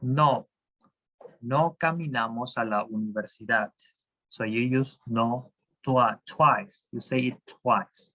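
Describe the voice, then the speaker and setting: A man's voice: mid-range voice, slow pace, sharp tone, rough recording. A man teaching a class over a video call, hesitant, with many fillers and restarts. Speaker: Spanish teacher.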